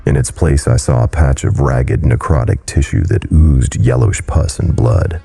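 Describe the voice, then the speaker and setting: Deep, gravelly male horror-story narrator, grave and measured, over faint music. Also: dark tone.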